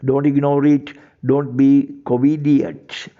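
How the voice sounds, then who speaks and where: A man's voice: mid-range voice, level tone, slow, dull audio. A man lecturing emphatically, repeating phrases and using ornate words. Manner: emphatic, repetitive, ornate vocabulary. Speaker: teacher. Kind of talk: lecture to camera.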